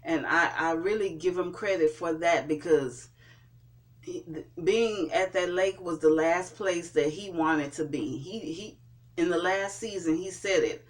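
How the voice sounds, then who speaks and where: A vlogger recapping and reviewing a TV episode in a casual way, pausing often and restarting sentences. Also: medium pitch. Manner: hesitant, with frequent fillers and restarts. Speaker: TV show reviewer.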